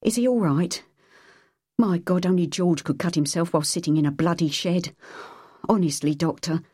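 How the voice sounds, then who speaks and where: A woman reading an audiobook, voicing a brash, overbearing middle-aged wife who talks loud and pushy. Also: on the low side, moderate pace, slightly rough. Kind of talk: audiobook character voice.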